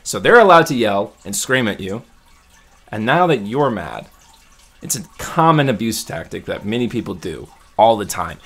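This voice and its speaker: A man's voice: fairly low pitch, sing-song, normal speed, a bit bright. A man talking straight to camera in a casual check-in vlog, venting in a rambling, heated way and restarting his sentences as he goes. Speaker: vlogger.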